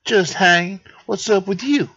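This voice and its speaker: A man's voice: sits high, unhurried, sharp tone, pitched above the performer's own voice, heavily acted. A man doing a cocky young squirrel. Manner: cocky, slangy. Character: young male squirrel street kid, dismissive. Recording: dull dry lo-fi mic.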